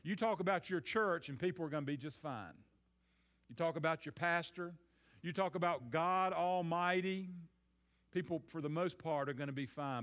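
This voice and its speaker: A man's voice: on the high side, fairly bright tone. A man preaching a sermon on a psalm in a conversational way, often repeating words as he thinks aloud.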